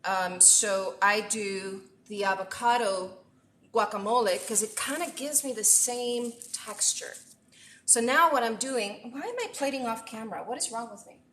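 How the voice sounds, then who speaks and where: A woman streams herself cooking in her home kitchen, gushing to viewers at a normal speed in a voice on the high side with a fairly bright tone. She exclaims often and slips into Spanish phrases, while the echoey room adds a little hiss or hum.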